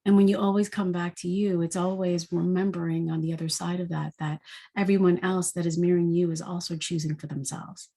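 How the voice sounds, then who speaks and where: A woman's voice: on the low side, level tone, a little fast, vocal fry, warm tone. A woman giving a spiritual daily energy forecast in a reflective, unscripted way. She asks many rhetorical questions and often says "like".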